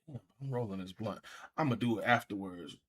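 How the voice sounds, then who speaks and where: A man's voice: fairly low pitch, fairly quick. A man hosting a live stream, chatting in a laid-back, slangy way and laughing easily. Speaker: streamer host. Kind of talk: casual live-stream chat.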